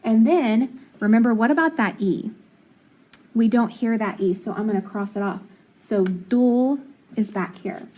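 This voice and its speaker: A woman teaches a recorded phonics lesson. She talks to young students patiently, slowing down to sound out each word clearly. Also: fairly high pitch, dark tone.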